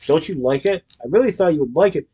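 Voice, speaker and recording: A man voicing an eager, excitable young male chocolatier who talks with bright urgency. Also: a little high, quick pace, husky. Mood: urgent.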